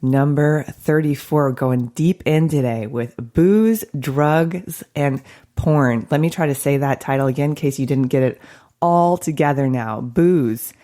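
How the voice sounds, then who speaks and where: A woman's voice: a bass voice, moderate pace, mellow. Playful, laughing woman podcast host. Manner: laughs often, playful and frank. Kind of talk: casual podcast chat. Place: studio.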